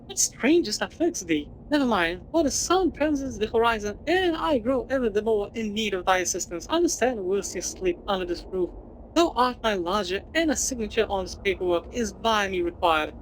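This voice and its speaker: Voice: mid-range voice, animated, moderate pace, slight background noise, close to an everyday voice, low-quality recording. A woman voicing a lodging-house keeper from a video game who talks in stilted, archaic formal English. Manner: stilted, old-fashioned phrasing. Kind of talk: reading game dialogue aloud in a put-on voice.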